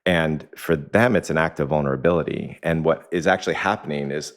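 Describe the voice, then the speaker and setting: A man with an extremely deep, low voice speaks as a podcast guest. He explains his ideas reflectively, uses anecdotes as examples, and chuckles often. He is recorded in a home kitchen. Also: brisk. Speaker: executive coach, podcast guest. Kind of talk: conversational podcast interview.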